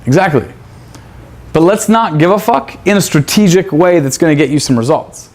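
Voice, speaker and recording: A man's voice: on the high side, expressive, normal speed, darkish tone. A man leading a live seminar, brash and profane, firing rhetorical questions at his audience. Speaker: seminar instructor.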